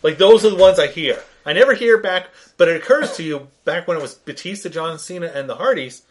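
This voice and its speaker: A man's voice: high-pitched, animated, fairly quick. A man co-hosting a casual wrestling podcast, making teasing dry quips and brief agreeing asides. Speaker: podcast co-host.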